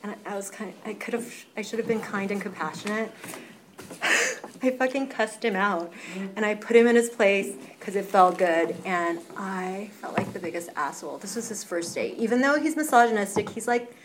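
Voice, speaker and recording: Young woman sharing at a meeting, candid and chatty, swears a bit, soft hum in the room. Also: medium pitch, moderate pace. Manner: candid and animated, lots of fillers, swears freely. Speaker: sharer at a recovery meeting. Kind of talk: casual personal sharing.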